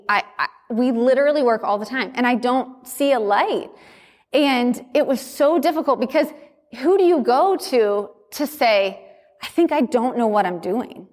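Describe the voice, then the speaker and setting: A woman hosting a business summit as a coach, giving a chatty, energetic talk and acting out quoted dialogue. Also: fairly high pitch. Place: large conference room. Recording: long hall reverb.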